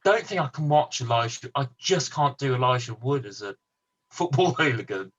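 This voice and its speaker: A man co-hosting a casual podcast chat about football films, animated, laughing easily and stumbling over words. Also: mid-range voice, normal speed, muffled recording. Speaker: podcast co-host.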